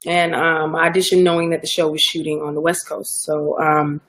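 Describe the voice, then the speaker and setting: Low-voiced Southern woman, chatty. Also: brisk. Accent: Southern American. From Georgia, US South. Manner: relaxed, chatty, many fillers and restarts. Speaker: actor guest. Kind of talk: casual interview chat.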